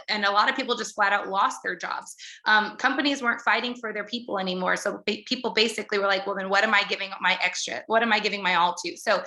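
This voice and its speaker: A woman coaching her business team in a motivational talk, talking fast and earnestly, with many fillers and restarts. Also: medium pitch, sharp tone, echoey room.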